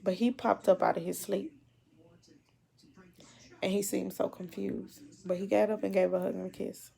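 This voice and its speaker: Gravelly emotional woman, halting speech. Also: mid-range voice, steady tone, mellow. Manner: emotional, halting, repeats herself. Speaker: mother. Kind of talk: personal video diary.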